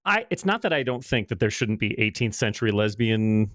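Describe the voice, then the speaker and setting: Dude co-hosting, rambles and trips over words, pitch all over the place, dry sound. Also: male voice, sing-song, fairly bright tone, no echo. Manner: rambling, halting, wry. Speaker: co-host. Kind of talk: political talk show banter.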